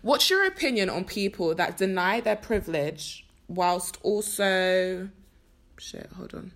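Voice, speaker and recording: A woman's voice: medium pitch, lively intonation, measured pace. A young woman co-hosting a podcast in casual chat, teasing and laughing a lot. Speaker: podcast co-host.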